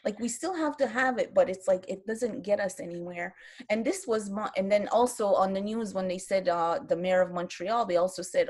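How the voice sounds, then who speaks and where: A woman's voice: medium pitch, normal speed, a little mellow. An older woman, a grandmother, speaking earnestly on an online round-table video call, with many restarts and moments where her feelings show. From Kahnawake, Quebec.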